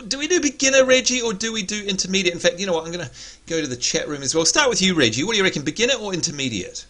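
A man's voice: high-pitched, expressive, rapid-fire, pushed and bright. An Australian man hosting a gaming livestream, chatting playfully and teasing his viewers. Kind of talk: casual livestream chat.

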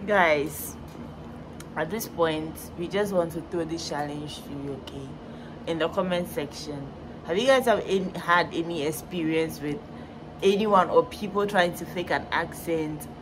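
A young woman, loud and playful in casual chat. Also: low voice, unhurried, background noise. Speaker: guest co-host.

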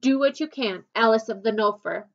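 A woman voicing a yeti tribe leader and father in a storybook reading, solemn and measured. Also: a little high, muffled recording, close to an everyday voice.

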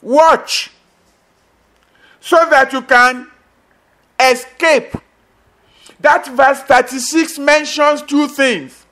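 Pastor guy preaching, really high voice, repeats himself for emphasis, sudden loud bits. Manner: emphatic, repetitive preaching with sudden bursts and drops. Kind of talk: sermon.

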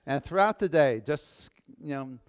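Slow-speaking male pastor preaching. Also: fairly high pitch, clean tone, highs cut off. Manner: folksy, playful, unhurried preaching. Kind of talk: sermon and closing prayer. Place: church sanctuary.

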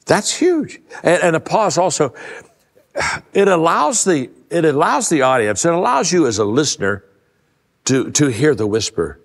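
An older man giving a conversational leadership talk to a live audience, a folksy storyteller who restarts his sentences often and drops his voice low to stress a point. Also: very animated, moderate pace. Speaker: leadership speaker. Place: large event hall. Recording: long hall reverb.

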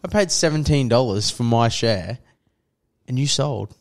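A man's voice: mid-range voice, expressive, measured pace. A young man, co-hosting a podcast and telling long stories about a night out with friends. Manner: rambling storyteller, many fillers, quotes friends. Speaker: podcast co-host. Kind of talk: casual chat.

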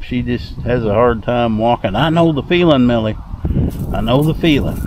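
A male vlogger from the American South narrates casually in an easygoing, folksy way while working outdoors on his rural property, even talking to animals. His voice is medium-pitched, with a noisy background.

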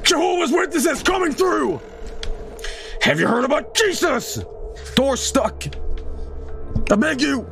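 A man putting on a pushy door-to-door preacher who shouts and pleads. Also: very high-pitched, expressive, slow, gravelly, long pauses, soft background music, pitched above the performer's own voice, heavily acted. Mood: frantic.

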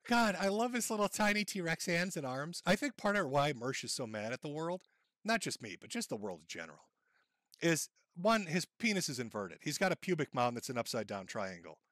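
Mocking man streamer, higher voice. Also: big pitch swings, brisk, a bit bright, dry recording. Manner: sneering, ridiculing, laughs at clips. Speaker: streamer commenting on clips.

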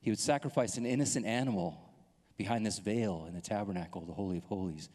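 Talking fast in a lowish voice, a male pastor in his thirties tells a personal story in a sermon, lively and playing out each speaker in the dialogue. The church hall recording has a long reverb.

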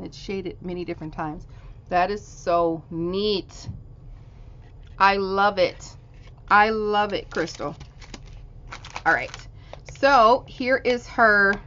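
A woman's voice: medium pitch, fairly bright tone. A woman hosting a crafting channel, gushing in casual show-and-tell as she unboxes handmade cards. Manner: gushing, exclaims and swoops up in delight. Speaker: crafting channel host unboxing a card swap. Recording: dull lo-fi sound with faint hiss.

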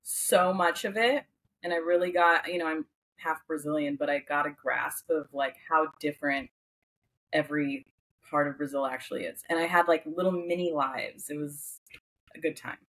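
Husky young woman chatting animatedly. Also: low voice, moderate pace, rough recording. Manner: animated, rambling, casual swearing. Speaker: guest, flight attendant. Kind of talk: casual chat.

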